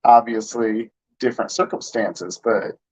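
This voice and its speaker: A man in his thirties with a lowish, slightly breathy voice rambles through a long story at an unhurried pace and fairly even pitch. He's laid-back and slangy, tossing in plenty of "like" and "you know." The lo-fi audio sounds a bit dull.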